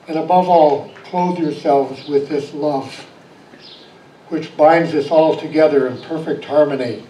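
A man preaching a storytelling sermon, moving from animated anecdote to soft reflection. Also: a little high, unhurried. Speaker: pastor. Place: church sanctuary. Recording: echoey church room, voice from far off.

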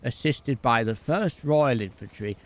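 A man voicing a confused, rambling elderly male war veteran in a roleplay game, with a stammering, wandering way of talking. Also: close to an everyday voice. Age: older. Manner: slow, high, wandering, stammering speech. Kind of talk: roleplay game character acting.

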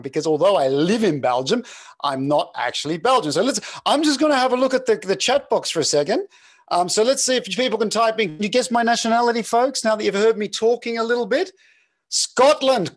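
A middle-aged man with a slightly mixed Australian accent gives a chatty, joking online lecture as a professor. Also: sits high. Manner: lively, jokey, chatty, reads chat aloud. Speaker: professor giving a webinar.

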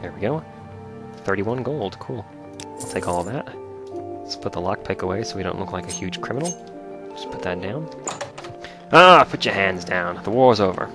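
A man giving excitable, joking commentary while playing a video game. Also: deep voice, moderate pace, pauses often, music in the background. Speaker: let's play host. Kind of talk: casual gameplay commentary.

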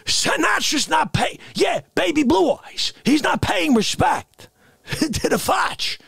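A man's voice: extremely high pitch, big pitch swings, slow, gravelly, fairly bright tone, no echo. A man doing an unscripted comedic rant. He rambles in mock outrage and laughs between lines. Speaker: live-stream comedian.

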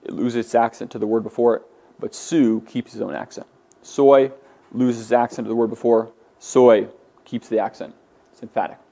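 A man's voice: mid-range voice, fairly even intonation, normal speed, creaky, mellow. A man teaching a class, patiently explaining forms and drilling his students to say words aloud. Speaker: Greek teacher. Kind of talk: classroom lecture.

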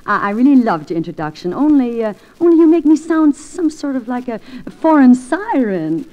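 A woman's voice: high voice, very animated, moderate pace, warm tone. A woman guest singer in 1940s radio comedy banter, with a coy, teasing delivery. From United States. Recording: dull old radio transcription.

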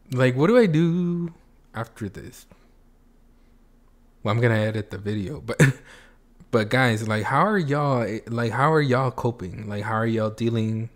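Slow-talking man reacting with loud gasps. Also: mid-range voice. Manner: exclamatory, bursts of loud gasps and cheers; talks straight to viewers. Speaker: reaction video creator. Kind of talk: excited reaction commentary. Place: home. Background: faint music playing.

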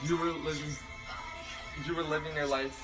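A young man, starstruck and breathless, babbles and laughs as he talks. Loud music plays right over his voice in the clip. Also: on the high side, flat delivery, moderate pace. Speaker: fan meeting a singer. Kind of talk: excited fan talk in a clip.

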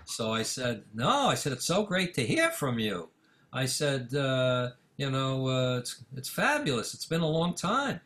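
An older man, a music manager, telling a story in an interview, full of fillers and acting out the dialogue with rising excitement. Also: mid-range voice, unhurried. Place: office in Manhattan.

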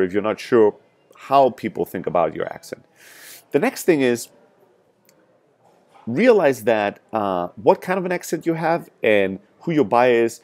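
A man's voice: medium pitch, a little mellow. A man with a strong European accent, a sales startup founder, giving emphatic, frank advice straight to camera with frequent "right?" asides. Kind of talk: motivational talk to camera.

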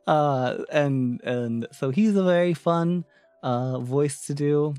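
A giggly male streamer chatting casually with his viewers. His pitch bounces around a lot as he rambles through fillers and restarts. His dry close mic has faint background music behind it. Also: lively intonation, takes it slowly, a little mellow, no room sound. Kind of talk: casual livestream chat.

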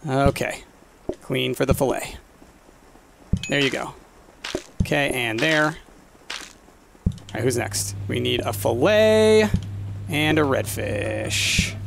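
A man's voice: mid-range voice, animated, slow pace, vocal fry, long pauses, noisy background. A man, hosting his own channel and giving frantic, exasperated solo commentary over a cooking game. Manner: frantic, exasperated, says "y'all". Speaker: gaming channel host.

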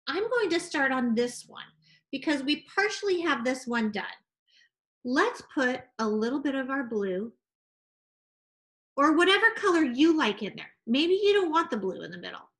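A female art teacher gently walks children through a painting demonstration, sounding encouraging and sing-song in a voice that sits high.

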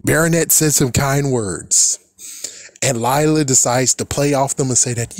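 A man's voice: medium pitch, moderate pace, no echo. A man casually recapping a cartoon episode, exasperated and swearing, often laughing at the characters. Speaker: cartoon reaction commentator.

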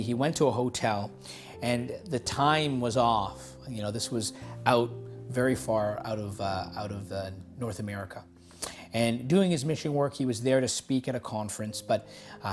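A male pastor telling a story in a sermon, halting often with fillers and restarts. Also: mid-range voice, darkish tone.

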